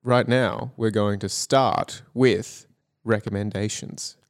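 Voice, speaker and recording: A man's voice: lowish voice, fairly even intonation, slow pace. A man hosting a podcast in casual chat, playful and a little hesitant with ums. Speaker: podcast host.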